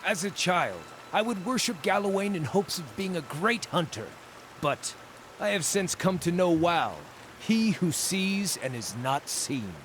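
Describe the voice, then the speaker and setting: A gleeful little meat-eating druid. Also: male voice, sits high, measured pace, slight background noise, full character voice. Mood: musing. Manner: jovial and relishing, lively sing-song delivery. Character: cheerful small male Orlan druid, gleefully eating raw meat. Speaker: game character. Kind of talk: video game dialogue. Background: game music.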